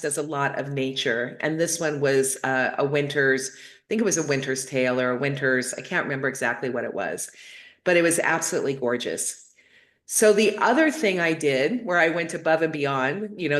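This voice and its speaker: A woman's voice: deep voice, fairly bright tone. A middle-aged woman hosting her own show, telling a story to her viewers in a chatty, rambling way with many fillers and restarts. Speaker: host of a spiritual talk show.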